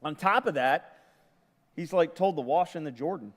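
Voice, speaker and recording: A man preaching a sermon as pastor, retelling a story in a conversational, lively way. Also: fairly high pitch, normal speed, in a large hall.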